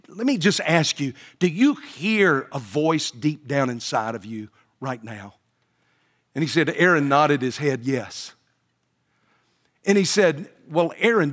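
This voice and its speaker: A man preaching a sermon, telling a story with frequent pauses and fillers and building to emphatic quoted lines. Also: on the high side, a bit bright. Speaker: pastor.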